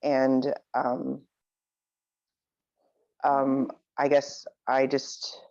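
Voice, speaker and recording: A person on a coaching video call sharing hesitantly, pausing and restarting often. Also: medium pitch, monotone, vocal fry, a little mellow, dry recording, muffled recording. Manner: hesitant, many fillers and restarts. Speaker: coaching client.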